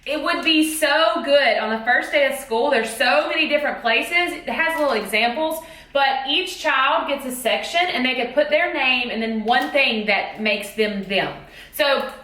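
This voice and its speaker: A woman's voice: high voice, moderate pace, sharp tone. A woman teacher chatting in a bubbly, exclamatory way about a haul of school supplies. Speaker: teacher vlogger. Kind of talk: casual haul vlog. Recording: echoey room.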